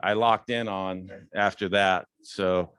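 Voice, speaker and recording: A man in his fifties giving a casual talk as a guest speaker, relaxed and rambling with many fillers, lifting his voice when quoting others. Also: sits low, slow, smooth, no echo, clean studio sound. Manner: acts out quoted dialogue in a raised voice. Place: club meeting room.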